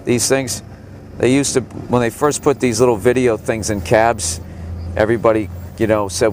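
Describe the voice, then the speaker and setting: This forties-aged comedian, a little under the weather, rides in the back of a cab through city traffic and rants his way through a tour, sarcastic and foul-mouthed. He talks a bit fast in a lowish, steady voice, with faint traffic audible behind him.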